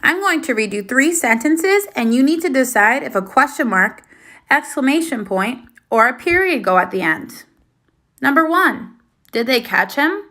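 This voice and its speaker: A woman teacher giving a recorded reading lesson for young children, slow, clear and encouraging, with lively praise. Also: sits high.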